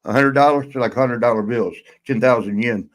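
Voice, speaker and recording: A man spins a loose, unscripted yarn as a podcast host, stopping and restarting often and chuckling along the way. His voice sits at an ordinary middle pitch. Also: low-quality recording. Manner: rambling, halting, chuckles through his story. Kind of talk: casual storytelling.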